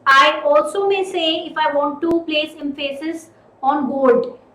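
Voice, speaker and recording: A woman teaching a recorded grammar lesson, repeating and stressing key words slowly. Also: high voice, fairly bright tone, echoey room, low-quality recording.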